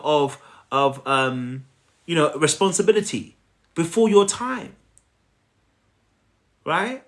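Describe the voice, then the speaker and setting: A man coaching viewers on a live stream in a preachy, animated way, often checking in with "right?". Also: a little high. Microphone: phone.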